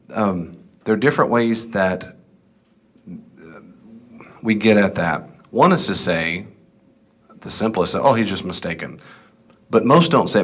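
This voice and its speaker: A middle-aged man teaching a casual Bible class, reading scripture aloud and asking the class questions he then answers himself. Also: fairly low pitch. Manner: conversational, asks the class questions and answers them.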